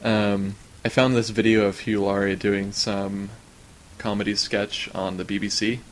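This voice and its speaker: Low-voiced man chatting on a podcast. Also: flat delivery, measured pace, a little hiss or hum. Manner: storytelling, easygoing with fillers. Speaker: podcast co-host. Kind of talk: casual chat.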